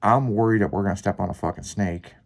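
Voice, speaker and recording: A man's voice: on the low side, fast talker, vocal fry. Profane rambling man telling a story. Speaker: podcast host. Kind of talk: casual storytelling chat.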